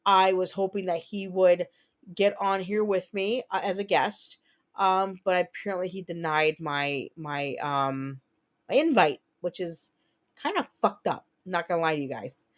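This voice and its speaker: A woman from New Jersey hosting a casual livestream chat, talking in a rambling, profane way and quick to launch into rants. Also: on the low side. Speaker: livestream host.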